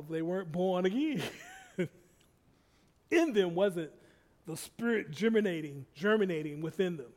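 A man preaches a sermon in a high, ringing voice. He repeats key phrases again and again. His loudness swells and drops as he drives each point home. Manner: repetitive, rising and falling in loudness.

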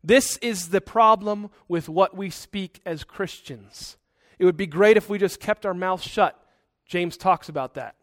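With earnest conversational asides, a male pastor delivers his sermon unhurriedly in a fairly high voice. The recording is dry and close-miked, with no room sound.

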